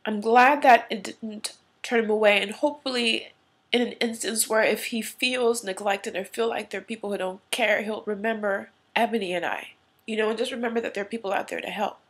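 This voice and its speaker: A woman's voice: on the high side, steady tone, brisk, husky. A woman vlogger earnestly telling a personal story, tearful at times, in a casual, heartfelt way. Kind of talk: emotional personal story to camera.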